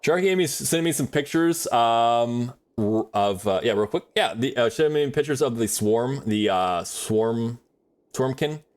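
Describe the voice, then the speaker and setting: A man's voice: mid-range voice, unhurried. A man chatting casually on a livestream while drawing, rambling in a friendly way with many fillers and restarts.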